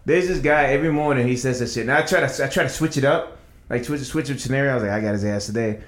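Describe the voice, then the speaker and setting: A man's voice: mid-range voice, fast talker, roomy sound. A man co-hosting a podcast, telling casual stories and acting out other people's lines. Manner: animated storyteller acting out quoted voices. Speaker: podcast co-host. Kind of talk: casual chat.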